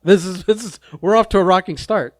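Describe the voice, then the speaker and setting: A man's voice: high voice, brisk, a crowd in the background. A man co-hosting a casual podcast chat, ranting bluntly and with a lot of swearing between bursts of laughter. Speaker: podcast co-host.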